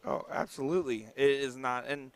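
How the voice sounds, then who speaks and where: A man giving color commentary on a darts stream, chatty and quick to laugh. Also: medium pitch, fairly even intonation. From United States. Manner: laughs often, chatty and enthusiastic.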